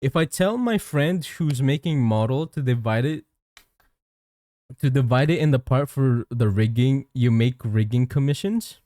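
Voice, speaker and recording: A young man streams live as a VTuber, chatting casually, reading chat aloud, and answering viewers with frequent restarts. His mid-range voice is warm and a little slow, captured in studio quality with no room sound.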